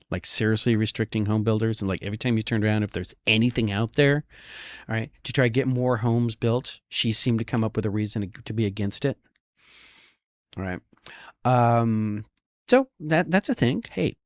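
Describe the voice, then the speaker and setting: A man's voice: fairly low pitch, moderate pace, no echo, clean studio sound. A man who works as a real estate broker, giving casual market commentary in a sarcastic way and often checking in with the listener. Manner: sarcastic, keeps checking in with "all right?".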